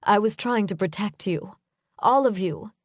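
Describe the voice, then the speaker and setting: Woman narrator for an audiobook, slow and measured, close dry sound. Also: mid-range voice, no echo. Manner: measured, unhurried storytelling. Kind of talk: first-person scripted narration.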